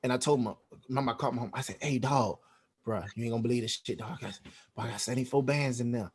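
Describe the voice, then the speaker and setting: A man's voice: mid-range voice, very fast, slightly rough. Guy on a podcast telling his story, acts out every line of dialogue, cusses a lot, medium voice. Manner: animated, acts out quoted dialogue, heavy slang and swearing. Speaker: podcast guest. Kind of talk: casual storytelling interview.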